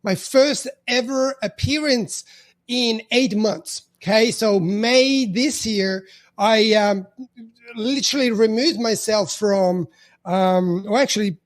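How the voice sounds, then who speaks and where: A man in his fifties with an Italian accent, a podcast guest talking in a halting way, with many restarts and fillers. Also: high-pitched. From Italy. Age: 50s. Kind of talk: casual interview conversation.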